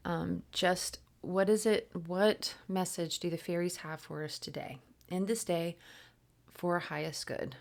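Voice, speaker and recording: A woman with a fairly low voice leads a spiritual writing session and guided breathing meditation. She talks softly and unhurriedly. Her speech is loose and casual, full of ums and small restarts. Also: steady tone, unhurried, creaky. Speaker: oracle card reader and meditation guide.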